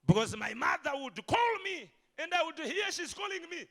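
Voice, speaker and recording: A pastor tells stories in his sermon, and his voice swings widely and breaks into shouts. His tone is high and bright. He sounds forceful and bursts into loud peaks. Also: moderate pace, gravelly. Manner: animated storytelling with shouted peaks.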